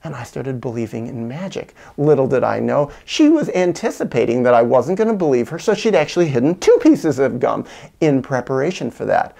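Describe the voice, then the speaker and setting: A man recounting a childhood story in a reflective monologue, acting out quoted lines with whispers and bursts of higher pitch. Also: expressive, fairly quick, vocal fry, mellow. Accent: American. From United States. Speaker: video essayist on parenting.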